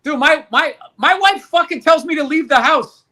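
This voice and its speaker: A man's voice: extremely high pitch, moderate pace, pushed and bright. A man co-hosting a podcast in casual chat, joking and ranting with plenty of swearing. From United States. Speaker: podcast co-host.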